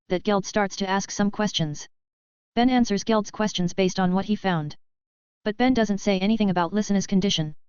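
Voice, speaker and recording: A woman narrating a fanfiction novel as an audiobook in a steady, even reading. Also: mid-range voice, smooth, no echo. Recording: dull, lo-fi, dry sound.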